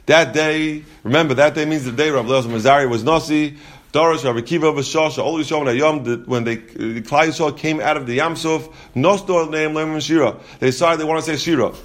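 A man's voice: a little high, a little fast. A man teaching a Talmud lesson, explaining the text step by step. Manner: explains step by step, mixing Yeshivish terms into English.

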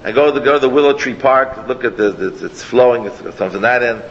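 A rabbi giving an animated, rambling Torah class, his talk dotted with Hebrew and Yiddish words. His voice carries a long hall reverb. The recording is dull and lo-fi, with a faint hiss underneath. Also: medium pitch, brisk.

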